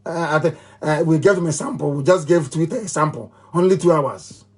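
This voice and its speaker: A man's voice: on the high side, fairly quick, slightly rough. A middle-aged man with a Nigerian accent giving a live political broadcast, talking in an emphatic, repetitive way with mocking laughs. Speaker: movement leader giving a broadcast.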